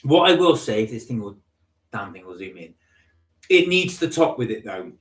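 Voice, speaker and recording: A man's voice: medium pitch, big pitch swings, normal speed, echoey room, far from the mic. A man co-hosting a casual live-stream vlog, chatty and rambling as he reads comments and tells stories. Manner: chatty, rambling, with laughs and retold anecdotes. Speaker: vlog co-host.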